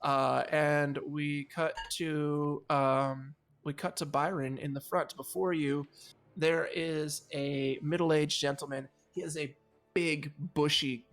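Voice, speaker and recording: A man's voice: a little high, little pitch movement, slow, a bit bright, soft background music. A man running a tabletop game as dungeon master, describing scenes with lots of fillers and restarts.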